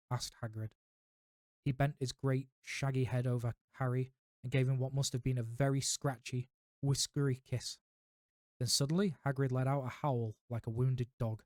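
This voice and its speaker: A man reading a book aloud on a livestream, with relaxed, chatty asides to his viewers. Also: medium pitch, normal speed, no echo, studio quality. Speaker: livestream reader.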